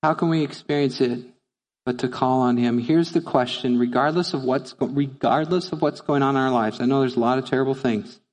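A man's voice: mid-range voice, steady tone, a little fast, a little mellow. Preaching man in a reverberant church. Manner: storytelling, rising to fervent rhetorical questions. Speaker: pastor. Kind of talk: sermon. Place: church sanctuary.

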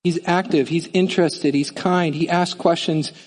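A man preaching a sermon in a lively, conversational way, often acting out voices. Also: fairly high pitch, normal speed, in a large hall. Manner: animated, conversational, acts out voices. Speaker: pastor.

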